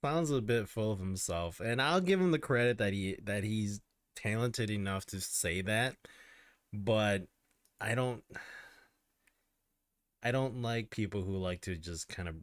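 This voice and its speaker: A man's voice: on the low side, measured pace, long pauses, no room sound, studio quality. A man streaming live and rambling casually through his reactions to clips.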